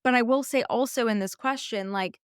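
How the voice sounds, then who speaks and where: A woman's voice: fairly high pitch, normal speed, clear, resonant tone, no room sound, studio quality. A woman hosting a podcast interview, talking in a chatty, gushing way with lots of "like" fillers. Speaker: podcast host. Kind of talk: conversational interview.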